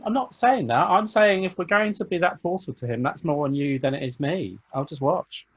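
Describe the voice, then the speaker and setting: A man playing a tabletop game, chatting casually in an animated, jokey way. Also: a little high, a little fast, husky, lo-fi sound. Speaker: player.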